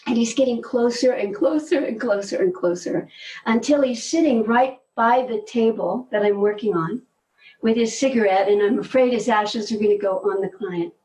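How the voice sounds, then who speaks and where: Older woman, lively storyteller, distant mic. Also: fairly high pitch, normal speed. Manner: animated, laughs often, trails off mid-sentence. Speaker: guest, movement teacher. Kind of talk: conversational storytelling.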